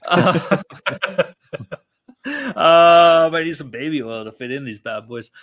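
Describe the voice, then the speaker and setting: A man's voice: fairly high pitch, expressive, slow, a bit bright, muffled recording. A young man hosting a sports betting podcast, chatting loosely with lots of swearing and jokes. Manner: loose, profane, joking banter. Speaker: podcast host. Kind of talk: casual podcast chat.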